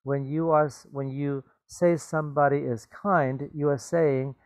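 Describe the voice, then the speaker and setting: A teacher reads a children's story aloud, pausing to explain its words and checking in with his listeners. He speaks very slowly and patiently in a fairly high, steady, slightly mellow voice. The recording is close and dry.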